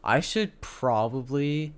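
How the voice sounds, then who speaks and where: A man live-streaming his game development, thinking aloud in halting, self-correcting casual talk while sounding sleepy. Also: medium pitch, expressive, clear, resonant tone. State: sleepy, yawning.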